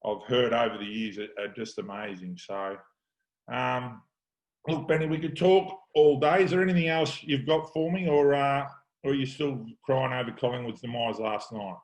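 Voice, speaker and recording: A man's voice: mid-range voice, steady tone, normal speed, rough recording. A middle-aged Australian man, a football coach hosting a show, telling stories in casual chat and acting out the lines he quotes. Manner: yarn-spinning, acts out quoted lines. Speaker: podcast host, football coach.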